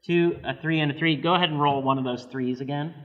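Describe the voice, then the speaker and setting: A man hosting a casual party game show, upbeat and quick to laugh, with a habit of repeating himself. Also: fairly high pitch, steady tone, highs cut off. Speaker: host of a church party show. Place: church hall. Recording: long hall reverb, faint noise.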